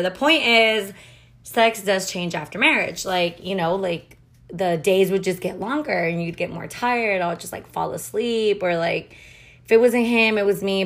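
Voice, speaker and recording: A woman's voice: on the low side, fairly bright tone. Young woman, casual confessional storytelling, blunt, swears a lot, filler-heavy chatter. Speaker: podcast storyteller.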